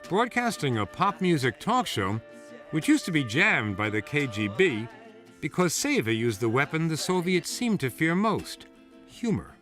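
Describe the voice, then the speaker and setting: A man narrating a television news feature in a measured, expressive scripted read with wry asides. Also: a little high, faint music behind.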